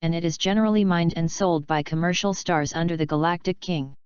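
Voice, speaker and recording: A woman's voice: lowish voice, steady tone, brisk, a little mellow, smooth, no room sound, close to an everyday voice. A woman voicing a humble, fearful male alien officer who speaks with constant deference. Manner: deferential, keeps saying sir. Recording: dull lo-fi audio.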